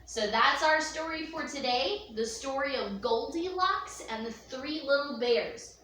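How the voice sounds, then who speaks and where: A woman telling a children's story to young listeners in an expressive, slow storytelling manner, recorded in an echoey room from a distance. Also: slight background noise. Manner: expressive, slow, with gasps and sweeping pitch. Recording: echoey room, distant mic, faint ambience.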